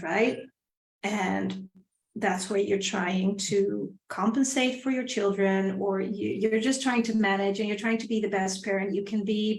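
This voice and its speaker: A middle-aged woman speaking earnestly and reflectively, in a voice of ordinary pitch for a woman. She circles back over her phrases and sometimes sinks to a soft, quiet tone. The room around her rings with echo. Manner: drops to a soft, quiet voice at times. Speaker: live stream host. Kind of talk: personal storytelling on a live stream. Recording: roomy echo.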